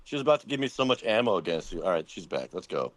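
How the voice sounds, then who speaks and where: A man's voice: deep voice, big pitch swings, very fast. A man hosting a comedy roast call show, riffing with joking, crude banter. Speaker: host. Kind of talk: casual comedic roast chat.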